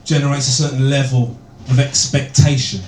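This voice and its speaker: A man doing a stand-up comedy set, deadpan and sardonic, with plenty of swearing. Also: medium pitch, moderate pace. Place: small comedy venue, indoors, with audience. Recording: echoey room, distant, loud noise. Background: audience laughter.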